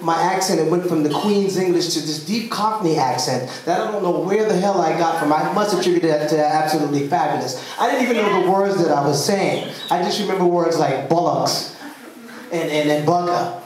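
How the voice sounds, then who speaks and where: A man's voice: high-pitched, a little hiss or hum. Man performing slam poetry in an echoing club. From rural US South. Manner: storytelling with comic timing. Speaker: spoken word poet. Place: club venue, indoors. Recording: roomy live venue heard from a distance.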